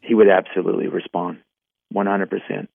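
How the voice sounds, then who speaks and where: A man, a pastor, speaking hopefully and in a measured way as a podcast guest. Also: low voice, level tone, vocal fry, dry recording. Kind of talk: faith podcast conversation. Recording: tinny phone line.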